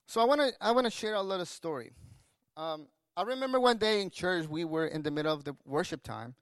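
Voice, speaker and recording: High-voiced pastor preaching a sermon. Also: male voice, expressive, a little fast, clear, resonant tone, no room sound.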